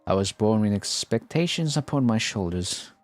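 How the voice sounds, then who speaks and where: A man voicing a poised teenage heiress girl weighed down by family duty. The reading is slow and measured, set low, with faint music behind the game story. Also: expressive, a little mellow, lightly acted. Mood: solemn.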